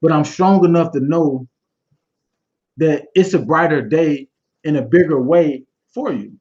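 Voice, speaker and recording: A young man speaks with passion in a loose, conversational way, circling back on his words as he talks. His voice sits on the high side. The sound is dull and muffled, like audio from a live stream. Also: unhurried, dark tone. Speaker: guest speaker. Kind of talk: candid motivational talk.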